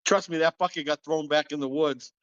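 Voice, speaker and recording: A man's voice: a little high, steady tone, brisk, fairly bright tone, clean tone, dull audio. A man hosting a podcast, telling a story casually and animatedly, acting out quotes and laughing often. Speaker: podcast host.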